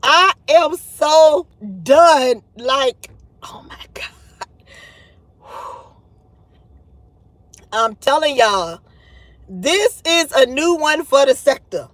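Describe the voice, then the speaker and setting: A woman's voice: sits high, expressive, extremely slow, long pauses, a bit bright, dry recording. A woman hosting a livestream of gossip commentary, dramatic and exasperated, talking straight to her viewers with sighs, laughs and casual swearing. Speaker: channel host.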